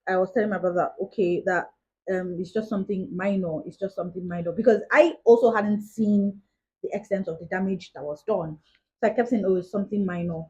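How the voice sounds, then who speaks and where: Young woman vlogger, husky, casual chatty storyteller, muffled lo-fi sound. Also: mid-range voice, darkish tone. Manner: chatty, retells events with many "like" asides. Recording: dull lo-fi recording.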